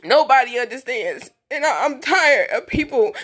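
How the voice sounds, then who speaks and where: A woman's voice: sits high, lively intonation, normal speed, fairly bright tone. A young woman in her twenties, speaking in on a phone livestream, blunt and emphatic, and tearful as she talks. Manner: blunt, emphatic, repetitive, speaking through tears. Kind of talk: emotional personal livestream monologue.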